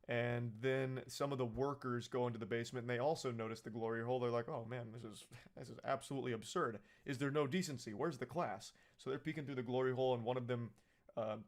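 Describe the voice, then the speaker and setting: Profane, sarcastic man recapping a movie. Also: medium pitch. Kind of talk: casual comedic movie recap.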